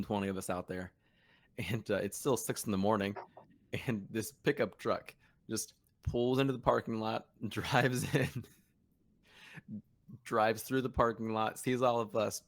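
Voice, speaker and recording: A man's voice: fairly low pitch, steady tone, normal speed, creaky, no echo. A man hosting a casual podcast chat, laid-back and laughing as he tells stories. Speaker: podcast host.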